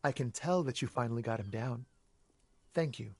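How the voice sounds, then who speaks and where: An actor voicing a nervous young man in a game, speaking in a lowered, evasive voice. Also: normal speed, breathy edge, no room sound.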